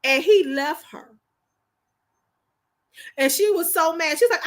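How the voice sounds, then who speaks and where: A woman's voice: very high-pitched, slow, pauses often. A woman hosting a livestream, talking casually and emphatically, often repeating herself for effect. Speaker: livestream host.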